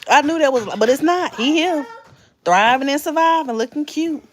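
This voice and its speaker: A woman's voice: high-pitched, normal speed, a little hiss or hum. A woman in her late thirties hosting a live stream, chatting in a confiding way straight to her viewers. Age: late 30s. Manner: chatty, confiding, addresses viewers as y'all and honey. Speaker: livestream host. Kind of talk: casual live-stream chat.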